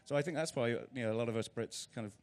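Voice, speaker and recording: English guy chatting fast, lots of ums and restarts, guest on a talk show. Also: mid-range voice. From Britain. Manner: rambling anecdotes with many fillers and restarts. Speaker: actor guest. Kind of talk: casual interview chat.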